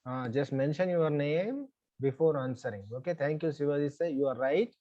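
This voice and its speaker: A man's voice: on the high side, dark tone, lo-fi sound. Indian man teaching an online class. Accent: Indian English. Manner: repeats "right?" as check-ins, measured explaining.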